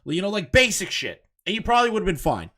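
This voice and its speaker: A man's voice: high voice, sing-song, fast, sharp tone. Profane, heated male commentator. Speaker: commentary streamer. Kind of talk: casual live commentary reacting to clips.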